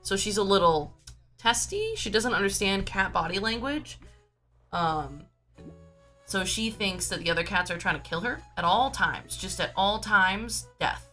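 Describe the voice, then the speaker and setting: A woman's voice: mid-range voice, normal speed, bright, forceful tone, faint music behind. A woman streaming from home in a casual, rambling chat, full of filler words and restarts. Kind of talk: casual chatty livestream talk.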